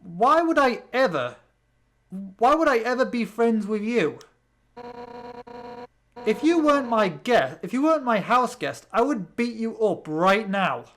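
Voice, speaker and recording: A British player reading the lines of a proud, hostile female fish warrior, with a gruff, lowered delivery. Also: big pitch swings, a little slow, a little hiss or hum.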